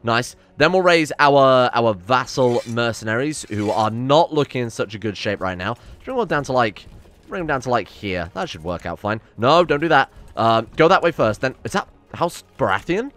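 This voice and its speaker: A man's voice: mid-range voice, lively intonation, moderate pace, fairly bright tone. A man commenting on his strategy game play, rambling and exasperated, swearing often. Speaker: gaming YouTuber.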